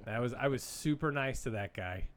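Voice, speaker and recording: A man in his thirties co-hosts a casual podcast chat, speaking at normal speed in a mid-range voice. He's an animated storyteller who laughs often.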